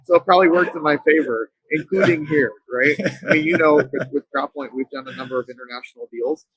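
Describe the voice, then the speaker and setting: A man, a company co-founder, speaking as an interview guest and telling a personal story in an earnest, halting way with frequent restarts. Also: on the high side, a bit bright, breathy edge, no room sound, rough recording.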